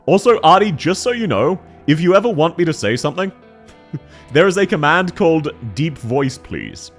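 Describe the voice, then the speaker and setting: Lively, excitable male streamer. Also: high voice, a little fast, faint music behind. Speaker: streamer reviewing viewers' game accounts. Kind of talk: casual live-stream chat.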